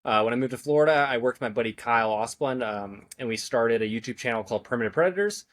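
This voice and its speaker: A man's voice: mid-range voice, fast talker. Laid-back man from California. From California, USA. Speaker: podcast guest, reptile keeper. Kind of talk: casual interview chat.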